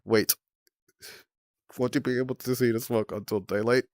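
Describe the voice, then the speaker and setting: A man's voice: on the low side, fairly even intonation, normal speed, no echo, clean studio sound, lightly acted. A man voicing a small, worried young female sand dragonet in a storybook, with a slightly raised delivery.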